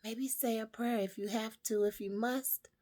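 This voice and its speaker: A woman telling a parable and giving life advice to women in a slow, emphatic, preaching way. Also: on the high side, fairly even intonation, darkish tone. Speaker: storyteller and motivational speaker.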